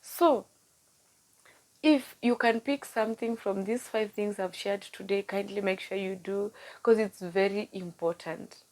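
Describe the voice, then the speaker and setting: A woman speaking in a personal vlog, earnest and heartfelt, sometimes dropping to a hush and sometimes chatty and upbeat with her viewers. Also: medium pitch, fairly even intonation, normal speed, hardly any pauses, poor audio. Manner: heartfelt and earnest, with soft, hushed stretches. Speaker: vlogger and nutrition coach. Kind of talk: personal vlog talk to camera.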